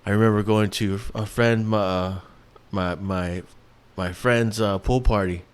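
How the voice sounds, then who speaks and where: A man's voice: fairly low pitch, fairly even intonation, measured pace, smooth. A man in his thirties, from New York, hosting a casual solo podcast, rambling with lots of restarts and fillers and swearing freely. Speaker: podcast host.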